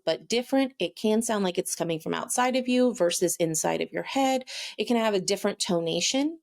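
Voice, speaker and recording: A woman's voice: lowish voice, creaky, a little mellow. A woman hosting her own show, explaining intuitive abilities in a chatty teaching talk, often saying "like" and "okay". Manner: chatty, frequent "like" and "okay", acts out little quoted voices. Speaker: intuitive teacher and podcast host.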